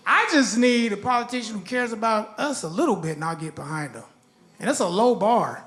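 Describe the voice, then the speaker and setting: A man performing a stand-up comedy set, animated and acting out characters in different voices. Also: very high-pitched, a little fast. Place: live comedy venue. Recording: roomy live room with loud crowd. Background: loud audience laughter.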